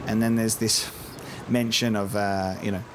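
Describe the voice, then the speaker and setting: A man's voice: lowish voice, level tone, moderate pace, background noise. A man casually commenting on a game he is playing for the first time, chatty and profane, mimicking the characters now and then. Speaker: let's play host.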